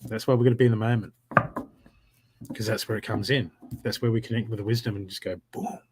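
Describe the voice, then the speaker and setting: A man giving live psychic readings from home, talking in an animated, encouraging way with a lot of repetition. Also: fairly low pitch, fast, heavy background noise. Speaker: psychic reader. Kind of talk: live-streamed spiritual reading.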